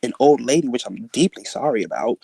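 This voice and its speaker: With a gravelly, warm, slightly rough voice and no room sound, a male guest recounts a scary encounter he lived through. His speech halts and restarts, heavy with fillers, and his pitch leaps up whenever he performs quoted lines.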